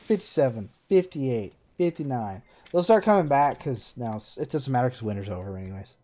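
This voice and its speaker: A man's voice: mid-range voice, animated, fairly quick, mellow. A man streaming a game live, chatting casually in a sarcastic, self-mocking running commentary as he plays. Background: faint game music.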